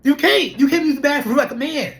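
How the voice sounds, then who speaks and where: A young adult speaker, chatting straight to camera. The talk is loose and animated, looping through rhetorical questions and repeated fillers. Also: high-pitched, a little fast. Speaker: vlogger. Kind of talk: casual talking-to-camera monologue.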